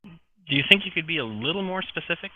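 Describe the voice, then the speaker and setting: A man's voice: a little high, lively intonation, brisk. A man playing a nervous, polite interviewer. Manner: apologetic, eager to please. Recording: tinny voice chat line.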